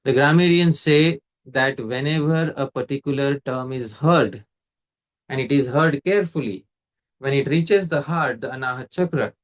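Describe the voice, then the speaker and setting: A man giving a scriptural lecture, explaining step by step in a measured way and pausing to quiz a listener. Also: mid-range voice. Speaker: teacher.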